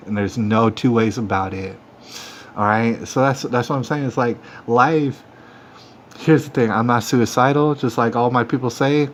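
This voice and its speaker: A man hosting a livestream, talking straight to viewers in a defiant, repetitive rant that keeps working itself up. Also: mid-range voice. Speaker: livestream host. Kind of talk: ranting monologue to viewers. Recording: dull lo-fi phone stream audio with faint noise.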